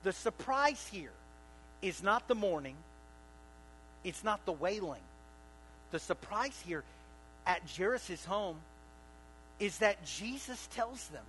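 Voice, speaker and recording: A high-pitched male pastor delivers an animated sermon, climbing to loud emphatic lines and then dropping to hushed asides. He keeps checking in with the congregation through questions. A faint electrical hum sits under the recording. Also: slow pace, long pauses, low-quality recording. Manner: animated preaching, rising to loud bursts and dropping to quiet asides.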